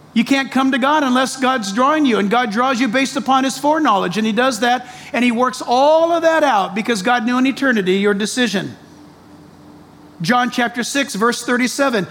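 A pastor preaching a sermon, animated, with joking asides and acted-out quotes. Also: male voice, very high voice. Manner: animated, jokey asides, acts out quoted voices.

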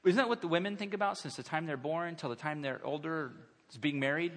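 A man in his thirties preaching a sermon in a church, conversational and animated, acting out quotes. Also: on the high side, fast talker. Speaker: pastor. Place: church sanctuary. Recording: long hall reverb.

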